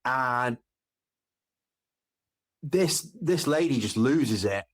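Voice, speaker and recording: Man, podcast guest, lively pitch swings, animated storyteller who acts out scenes. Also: extremely slow. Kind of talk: casual chat.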